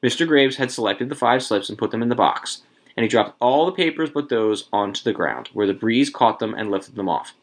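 A man reading a story aloud to a few listeners, expressive, with casual asides. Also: medium pitch, fairly quick.

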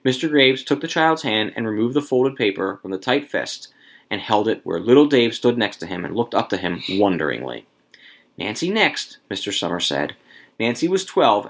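A man reading a story aloud to a few listeners, expressive, with casual asides. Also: fairly low pitch.

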